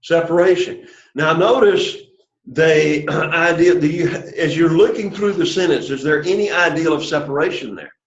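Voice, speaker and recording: A man's voice: on the high side, normal speed. A man teaching an introductory Greek class, patiently drilling students after opening with a prayer. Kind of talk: classroom lesson. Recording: echoey room, dull lo-fi sound.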